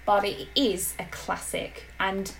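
A woman from Britain co-hosting a podcast in casual, animated chat. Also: mid-range voice, slow pace, vocal fry, slight background noise, rough recording. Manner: chatty, animated, laughs easily. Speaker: podcast co-host.

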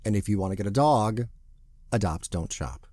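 A man's voice: lowish voice, lively intonation, normal speed, mellow, no echo. A man from the Southern United States, a journalist co-hosting a podcast, making dry, wry quips. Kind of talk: casual chat.

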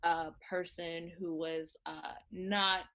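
A woman voicing a grand, self-regarding older actress famed as a sitcom mother, speaking slowly and stately with haughty poise. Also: fairly low pitch, level tone, sharp tone, voice pushed down, exaggerated voice. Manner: slow, stately, haughty speech. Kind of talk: comedic impression.

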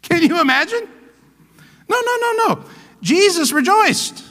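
A man pastor preaching a sermon, animated and playful, acting out little scenes and laughing along. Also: very high voice, unhurried, long reverb tail.

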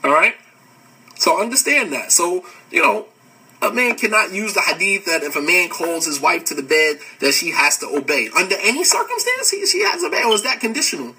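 A man, hosting a podcast and giving a casual religious lecture, animated and laughing often as he answers comments. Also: high-pitched, normal speed, slightly rough, recorded from a distance, rough recording.

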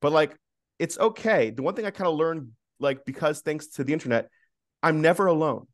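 A man's voice: a little high, lively intonation, a little fast, dry recording, clean studio sound. A man co-hosting a casual podcast chat, rambling and teasing with many restarts. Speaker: podcast co-host.

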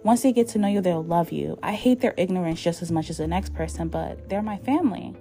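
A woman's voice: on the low side, a little fast, mellow, soft background music, natural voice. A woman reading the lines of a dismissive, manipulative young boyfriend in a story. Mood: explaining. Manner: dismissive then pleading.

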